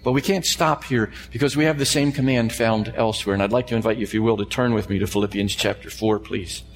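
A man's voice: fairly low pitch, fast talker. Preaching man in a reverberant hall. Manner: emphatic preaching, repeated phrases, questions to the congregation. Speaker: pastor. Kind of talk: sermon. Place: church sanctuary before a congregation. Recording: long hall reverb with faint hum.

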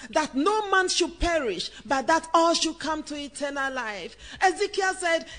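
High-voiced fervent woman preacher. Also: expressive, measured pace, a bit bright. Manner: fervent, direct address to the listener. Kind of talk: sermon.

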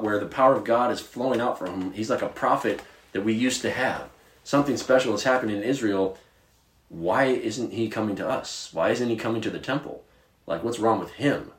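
A man from Virginia co-hosting a podcast, chatting about Bible stories in a casual, animated way with plenty of filler words. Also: medium pitch, reverberant. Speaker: podcast co-host.

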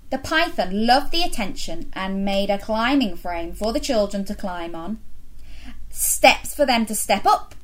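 A woman reading a story aloud for children, animated and pausing to ask them questions. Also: mid-range voice.

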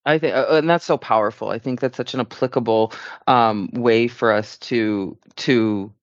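A man's voice: medium pitch, moderate pace, no echo, muffled recording. A man co-hosting a podcast, speaking in an earnest, reflective and encouraging way. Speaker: podcast co-host. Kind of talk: casual podcast chat.

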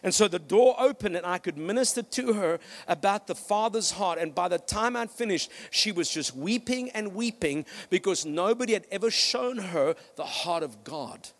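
A man's voice: sits high, normal speed, few pauses. A male pastor preaching a sermon with energy, telling stories and calling out to the congregation. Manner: energetic, with storytelling and "come on" calls to the congregation.

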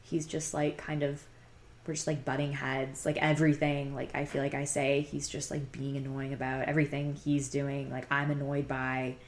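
A woman's voice: a bass voice, completely flat delivery, normal speed, a little hiss or hum. A young woman telling her own dating story in a chatty, confiding way, full of "like" fillers. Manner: chatty, heavy use of "like" fillers; frank and confiding, sighs between thoughts. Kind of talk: casual personal storytelling.

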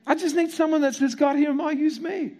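A man's voice: very high-pitched, steady tone, a little fast, warm tone, voice pushed up. A man voicing God as a reassuring, commanding male figure, emphatic and repeating his phrases. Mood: insistent.

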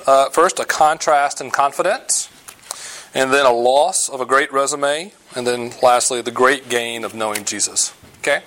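A man delivers a sermon at a mid pitch that sits right in the middle for men. He talks it through conversationally and stops on fillers as he explains scripture. He leans hard on his main points. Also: normal speed, bright, forceful tone. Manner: conversational preaching with frequent fillers. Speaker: pastor.

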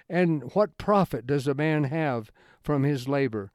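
A man giving an informal Bible study talk in a folksy, rambling way, halting often and restarting his sentences. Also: on the high side, expressive, a little mellow, no echo, clean studio sound. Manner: folksy, conversational storytelling. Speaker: Bible teacher.

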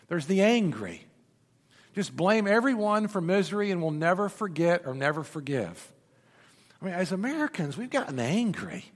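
Emphatic man preaching in a reverberant church. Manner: emphatic preaching, rising to loud peaks and dropping low. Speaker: pastor. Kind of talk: sermon. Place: church sanctuary. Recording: long reverb of a church hall.

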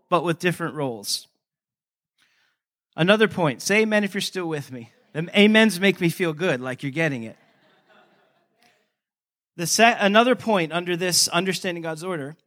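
High-voiced man preaching emphatically. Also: fairly bright tone. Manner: emphatic preaching, repeats points and asks the congregation questions. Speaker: pastor. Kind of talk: sermon. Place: church service.

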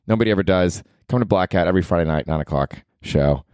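A man's voice: low-pitched, fast, darkish tone, smooth, no room sound, clean studio sound. A young man hosting a solo comedy podcast, rambling and joking in slang. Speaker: podcast host.

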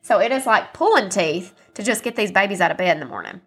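A woman's voice: mid-range voice, animated, fast, fairly bright tone, breathy edge. A woman, hosting a casual solo podcast in a chatty, folksy, encouraging way, her voice muffled and scratchy from allergies. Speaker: podcast host.

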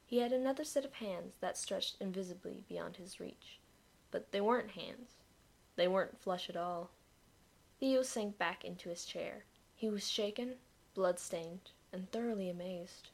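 A woman narrating a dark fantasy story in a measured, expressive reading. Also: mid-range voice, creaky.

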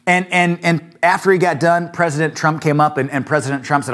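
A male pastor with a high-pitched voice delivers a sermon. He swings from fervent, emphatic peaks back into easy, conversational storytelling. The energy keeps climbing toward each key point. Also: level tone, brisk, fairly bright tone.

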